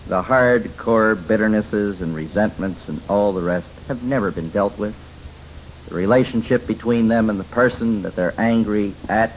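Folksy, emphatic Christian counselor. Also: male voice, on the low side, slight background noise, rough recording. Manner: emphatic, folksy storytelling with many fillers. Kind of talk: teaching lecture.

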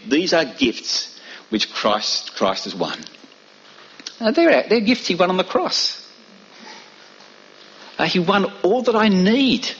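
A man's voice: a bit bright, breathy edge, dull audio. A man preaching a sermon, emphatic and full of rhetorical questions. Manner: emphatic, rhetorical questions, dramatic pitch swings.

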